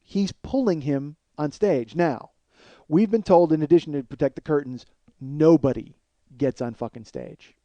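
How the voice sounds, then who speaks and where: A man telling a comedic story as a podcast host, swearing freely and building up energy as he goes. His voice sits fairly high but sounds mellow and dark in tone. The sound is dry and close to the mic. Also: normal speed, no room sound, lo-fi sound. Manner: profane, animated storyteller.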